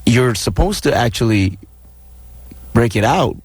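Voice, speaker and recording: A man's voice: mid-range voice, expressive, a little slow, a little mellow, breathy edge, no echo. A man with a light Jamaican accent, a guest musician chatting easily on a radio show and laughing often. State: partly deaf. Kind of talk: casual radio interview.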